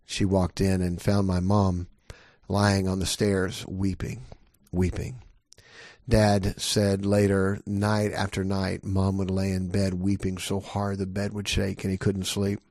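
A man's voice: sits low, completely flat delivery, unhurried, a little mellow, no echo, studio quality. A middle-aged man preaching a sermon as a pastor, earnest and emphatic, pressing his listeners with repeated questions.

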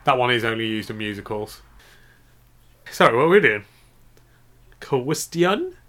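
Male co-host, bright ringing voice, jokey and giggly, loose banter. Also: lowish voice, lively intonation, brisk. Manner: jokey, giggly, rambling wordplay. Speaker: podcast co-host. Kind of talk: casual comedic chat.

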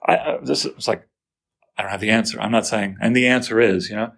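A man lecturing on a poem, lively and full of rhetorical questions to his listeners. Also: on the low side, brisk, vocal fry, husky. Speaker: literature teacher.

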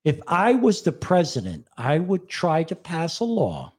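A man's voice: a little high, a little slow, husky. An older man telling a story in casual chat, acting out the people in it. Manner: animated storyteller, mimics an old Italian man.

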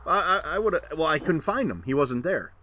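A man's voice: a little high, big pitch swings, brisk, a loud crowd. A man in casual chat, chiming in, filling in details and defending himself.

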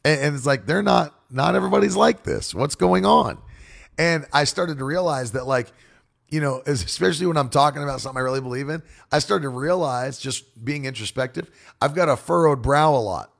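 A man who preaches and broadcasts, talking casually to his audience in a forceful, demonstrative, animated way. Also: medium pitch, brisk, vocal fry. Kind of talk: casual monologue.

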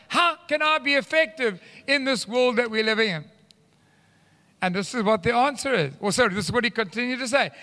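Animated male preacher. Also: high-pitched. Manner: animated, teaching, addresses the congregation as guys. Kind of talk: sermon. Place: church hall. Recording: live church hall reverb.

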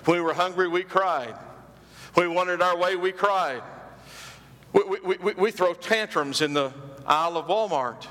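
A man's voice: sits high, moderate pace, fairly bright tone. A man preaching a sermon as pastor, repeating phrases and calling out questions to the congregation. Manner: call-and-response preaching, repeats phrases for emphasis. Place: church sanctuary. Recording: long hall reverb.

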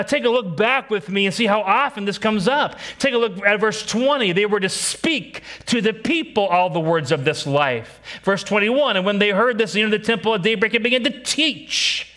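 A man's voice: sits high, sharp tone. A man preaching a sermon as a pastor, emphatic and repeating key phrases, putting questions to his congregation.

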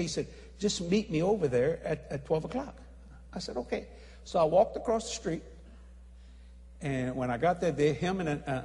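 A man preaching a sermon as an evangelist, telling a story animatedly, acting out dialogue and hollering at the high points. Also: a little mellow. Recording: long hall reverb.

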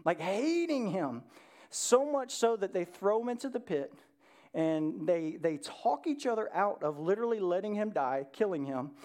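A preacher telling an old story in a relaxed, chatty sermon. The delivery keeps checking in with the listeners, dropping in questions and quick asides. The pitch sits in an ordinary middle range. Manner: conversational storytelling with frequent "right?" asides; addresses listeners directly with questions.

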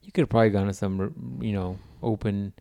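A man's voice: on the low side, steady tone, brisk, gravelly, warm tone. A man co-hosting a podcast in casual chat, teasing his friend with questions and laughing often. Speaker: podcast co-host.

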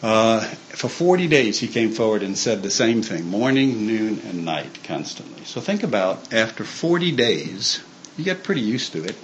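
Man, low voice, loose conversational preaching with fillers and restarts, light noise behind. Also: very animated, moderate pace, low-quality recording. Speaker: church speaker. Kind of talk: informal sermon talk.

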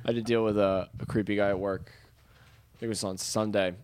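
A man's voice: fairly low pitch, flat delivery, a little fast, a little mellow, clear, resonant tone. A man co-hosting a casual chat, chiming in with wry remarks. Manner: wry interjections.

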